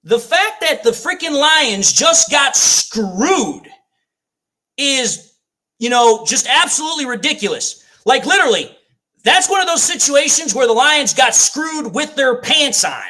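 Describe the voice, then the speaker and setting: A man's voice: extremely high pitch, big pitch swings, unhurried, pushed and bright. A man calling a football game live for a fan watch party, ranting and swearing as he repeats his complaints. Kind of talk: live play-by-play fan commentary.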